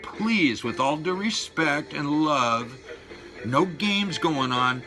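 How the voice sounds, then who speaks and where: A man in his sixties ranting and swearing at his viewers, loud one moment and muttering low the next. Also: lively intonation, takes it slowly. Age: 60s. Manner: fired-up, profane, swings between shouting and low mutters. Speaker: vlogger. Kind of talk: profane rant to camera. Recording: music playing behind the voice.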